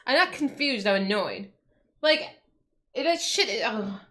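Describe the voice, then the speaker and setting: A woman's voice: on the high side, lively intonation, measured pace, pushed and bright. A woman streamer chatting casually at home, ranting in exasperation, swearing and restarting her sentences. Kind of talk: casual livestream chat.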